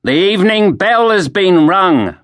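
A man's voice: sits high, big pitch swings, measured pace, a bit bright, dry recording, pitched above the performer's own voice, exaggerated voice. A man voicing a young male watchman carrying a torch, smug and threatening.

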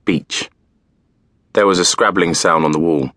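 A man narrating a novel in the first person, calm and measured. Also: low-pitched, dry recording, clean studio sound. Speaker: audiobook narrator.

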